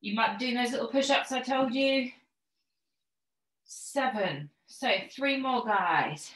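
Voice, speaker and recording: Her voice is fairly high and a bit bright, with lively intonation and a slow pace. Slightly breathless in an echoey room, this woman teaches an online pilates class, encouragingly cueing each move step by step and counting the reps.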